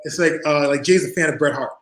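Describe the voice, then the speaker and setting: A man who is a podcast guest and former wrestler, telling animated anecdotes in casual chat and acting out other people's voices. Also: fairly high pitch, quick pace. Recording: roomy echo.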